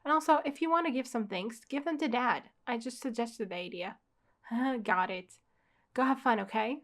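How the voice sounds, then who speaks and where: A young woman reading the lines of a kind, caring mother who speaks gently with a light tease. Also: on the high side, moderate pace. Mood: gentle.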